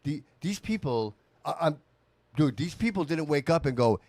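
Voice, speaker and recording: A male podcast host in casual political conversation, his pitch swinging widely as he talks. He is emphatic and chatty, with a dry, close sound. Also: moderate pace, no echo. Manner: animated, emphatic, says "dude" often.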